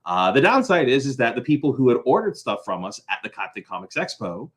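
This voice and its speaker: A man's voice: mid-range voice, big pitch swings, a little fast, a bit bright. A man talks through a casual vlog update from home in a middling voice, apologetic and meandering. He fills his sentences with ums and uhs and restarts thoughts as he goes. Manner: rambling, apologetic, many fillers and restarts. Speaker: host of a small crafts business channel.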